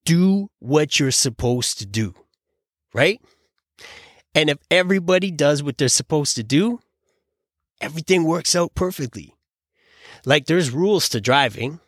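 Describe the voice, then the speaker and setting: A man's voice: on the high side, lively intonation, unhurried, long pauses, no room sound, studio quality. A man hosting a podcast, ranting casually in an opinionated, exasperated way, rambling with lots of restarts and fillers. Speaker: podcast host.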